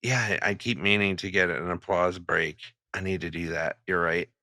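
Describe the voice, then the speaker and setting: A man co-hosting a podcast with loose, swearing, self-mocking chat. His voice is very low yet crisp and bright. The recording is dry. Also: steady tone, moderate pace, no room sound. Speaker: podcast co-host. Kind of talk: casual chat.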